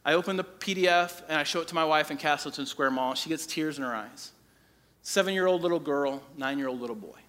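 A man in his forties preaching with a high, bright voice. He tells stories in an animated way and acts out quotes from the people in them, then slows into earnest points for the congregation. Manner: animated storytelling, quoting people in his own voice. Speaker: pastor. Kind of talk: sermon.

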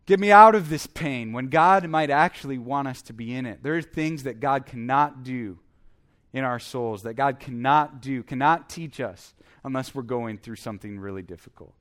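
A man's voice: medium pitch, moderate pace, fairly bright tone. Earnest man preaching a sermon. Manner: earnest, emphatic preaching with repeated exhortations. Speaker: pastor.

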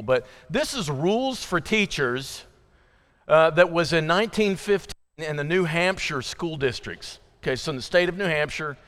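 A man's voice: high-pitched, fairly bright tone. A man preaching a conversational sermon in a church, with joking asides and frequent restarts. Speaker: pastor. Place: church sanctuary. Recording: long reverb of a large church hall.

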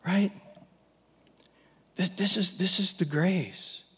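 A man's voice: high voice, slow pace, a bit bright, husky, big-room sound. A man preaching a sermon, telling a story animatedly and acting out voices.

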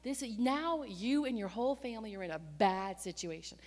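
A woman preaching a sermon and telling a personal story in a lively, conversational way, with sudden surges in pitch and loudness. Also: moderate pace. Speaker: church staff member and preacher. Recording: long hall reverb.

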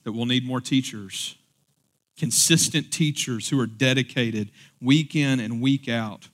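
Man, pastor, church sermon, mid-pitched voice, casual then emphatic, in a church. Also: measured pace, fairly bright tone. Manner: conversational, building to emphatic peaks.

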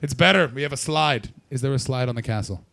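Male stand-up comic, crude and teasing, bright gravelly voice, fairly high. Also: fast. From not from Britain. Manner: profane, brash, teasing audience. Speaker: stand-up comedian. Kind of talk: stand-up crowd work.

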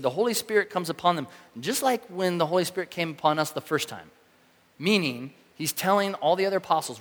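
A man preaching a sermon in a casual, animated way, acting out the reactions of the people in his story. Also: fairly high pitch, big-room sound. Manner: animated, conversational, acts out quoted reactions. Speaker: pastor.

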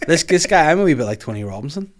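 A man's voice: on the high side, big pitch swings, rapid-fire. A man hosting a podcast, trading jokey, sweary banter with his guest. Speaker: podcast host. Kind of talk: casual podcast chat.

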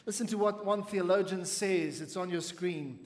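A man preaching a sermon to a congregation, speaking in measured phrases and asking the audience to respond. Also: sits high, reverberant, in a large hall. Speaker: pastor.

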